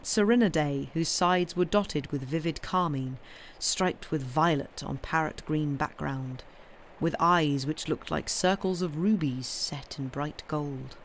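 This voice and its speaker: A woman reading a novel aloud on a livestream in a steady, measured storytelling way. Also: low voice, a little hiss or hum. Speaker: reader.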